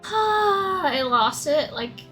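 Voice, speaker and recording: A woman's voice: high voice, animated, slow, sharp tone, faint music behind, low-quality recording. A woman livestreamer chatting casually with her viewers in a playful, giggly way, laughing often.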